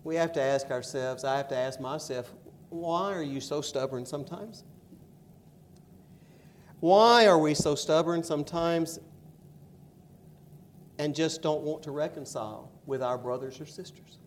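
Emphatic preacher, a man, slightly high voice. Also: unhurried, pauses often, slight background noise. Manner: emphatic, swings between loud stresses and quiet asides. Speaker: pastor. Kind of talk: sermon with scripture reading.

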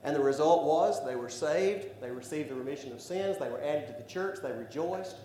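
A man preaching a sermon, building to loud emphatic declarations. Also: fairly high pitch, brisk. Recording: echoey room with faint background noise.

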